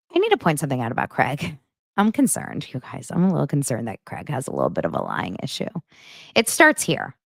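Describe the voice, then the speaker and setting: A woman in her thirties hosts a casual recap show, gushing and animated with plenty of fillers. Her voice sits low but swings widely. The sound is close and dry. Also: gravelly, no echo. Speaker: podcast host recapping reality TV. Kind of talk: casual chatty commentary.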